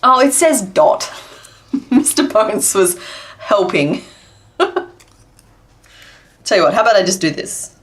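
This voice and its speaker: A woman's voice: mid-range voice, big pitch swings, slow, pauses often. A woman hosting a casual crochet livestream, chatting and making puns as she works. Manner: chatty, answers chat and makes puns while working.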